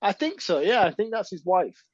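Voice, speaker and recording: A man's voice: high-pitched, very animated, moderate pace, darkish tone, no echo. Teasing southern English man, dull dry mic. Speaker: podcast co-host. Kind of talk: casual film review chat.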